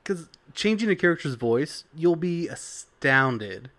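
A man's voice: fairly high pitch, big pitch swings, slow, fairly bright tone. A young man co-hosting a casual talk about tabletop role-playing, rambling with lots of fillers. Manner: rambling, full of "like" and "you know". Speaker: podcast co-host.

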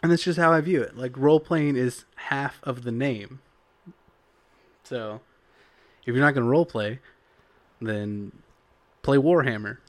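An opinionated man holds forth about how tabletop games should be played, talking in long unbroken runs. His voice sits at a middle pitch and is recorded dry and close, with no room sound. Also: measured pace, long pauses, no echo. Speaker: tabletop role-playing player. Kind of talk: casual podcast chat.

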